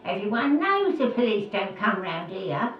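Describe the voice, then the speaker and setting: A woman voicing a scolding old woman shouting through a door in a video game. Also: medium pitch, big pitch swings, normal speed, echoey room, highs cut off, soft background music, natural voice. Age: older. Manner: scolding, mocking. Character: cackling old woman behind a locked door.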